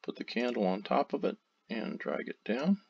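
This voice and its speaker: A man narrating a software tutorial, walking through steps one by one with loose, casual phrasing. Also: mid-range voice, moderate pace, vocal fry, slightly rough. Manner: steady step-by-step explaining, loose phrasing. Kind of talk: screen-recorded tutorial narration. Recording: dull lo-fi audio.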